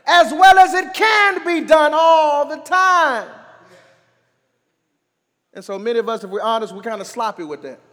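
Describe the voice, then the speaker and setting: A man preaching a sermon as pastor, calling on the congregation to answer back and swinging between quiet talk and shouting. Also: extremely high pitch, long reverb tail.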